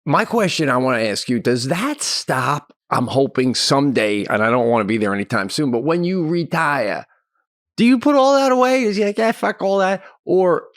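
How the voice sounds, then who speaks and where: A middle-aged man co-hosting a podcast, chatting casually with quick asides and frequent laughter. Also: mid-range voice, sing-song, no room sound, studio quality. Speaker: podcast co-host. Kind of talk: casual chat.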